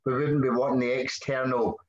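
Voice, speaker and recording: A man's voice: medium pitch, little pitch movement, a little fast. A man with a Scottish accent, a podcast guest chatting casually, rambling and swearing freely. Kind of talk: casual conversation. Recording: roomy, dull lo-fi sound.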